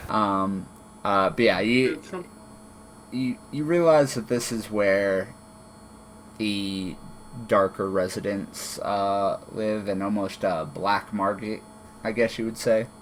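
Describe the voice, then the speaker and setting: Male game master, slow laid-back narrator with plenty of fillers, light hum in the background. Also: fairly low pitch. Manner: relaxed, many fillers and restarts. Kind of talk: narrating a tabletop game over an online call.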